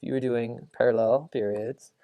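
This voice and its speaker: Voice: medium pitch, steady tone, normal speed, mellow. A music teacher explaining melodies and cadences, breaking into sung solfege syllables to demonstrate. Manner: explains patiently, then sings solfege syllables aloud. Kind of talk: classroom lesson with sung solfege.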